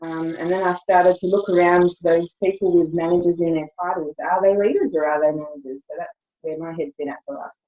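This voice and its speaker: A woman's voice: on the low side, steady tone, fairly quick, reverberant, dull audio. A woman giving a thoughtful share in a meeting check-in over a video call, with fillers. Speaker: team member in a check-in.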